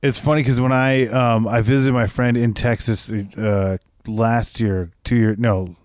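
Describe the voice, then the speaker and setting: A man's voice: mid-range voice, fairly even intonation, measured pace, a little mellow, no echo, clean studio sound. A man chatting on a comedy podcast in a laid-back, rambling way, with lots of fillers. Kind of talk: casual comedy podcast chat.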